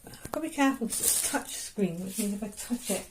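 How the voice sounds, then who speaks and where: A woman's voice: mid-range voice, animated, quick pace, background noise. A woman chatting casually as she films a cooking video in her home kitchen, rambling into self-deprecating asides. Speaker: vlogger.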